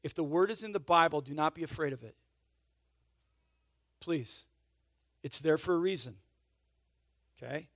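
A man preaching a sermon in a conversational way, checking in with "right?" and "okay?" and swinging from emphatic swells to soft asides. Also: a little high, normal speed, pauses often, no room sound, clean studio sound. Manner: emphatic swells in volume, then drops to soft intimate asides. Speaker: pastor.

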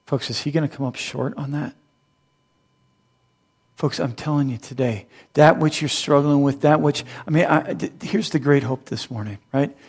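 Animated man preaching a sermon. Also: fairly high pitch, normal speed, husky. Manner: animated and humorous, swings from loud to hushed. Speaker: pastor.

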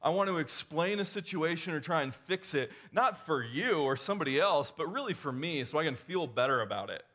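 A man's voice: on the high side, expressive, a little fast, few pauses, sharp tone. A male pastor preaching a conversational sermon, asking the congregation rhetorical questions and restarting his sentences as he goes.

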